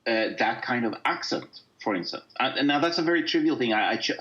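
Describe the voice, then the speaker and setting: A man, a guest in a casual discussion, talking haltingly with many fillers and restarts. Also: medium pitch, lively intonation, fairly bright tone, dull audio.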